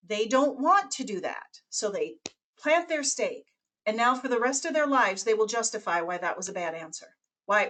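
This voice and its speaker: Animated woman giving a webinar talk. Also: fairly high pitch, normal speed. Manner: animated, acts out quoted voices. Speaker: webinar presenter. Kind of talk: webinar presentation.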